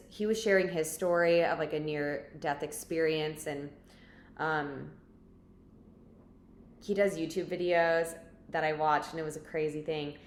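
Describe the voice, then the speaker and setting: A woman vlogger telling a story in a chatty, rambling way, full of filler words. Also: low-pitched. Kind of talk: casual storytelling to camera. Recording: echoey room with faint background noise.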